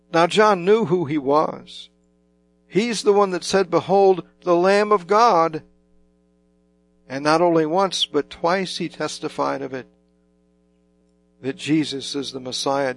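A man preaching a sermon slowly and emphatically, with dramatic swings in loudness. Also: fairly high pitch, creaky.

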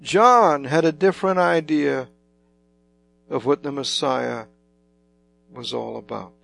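A man preaching a sermon slowly and emphatically, with dramatic swings in loudness. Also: medium pitch, gravelly.

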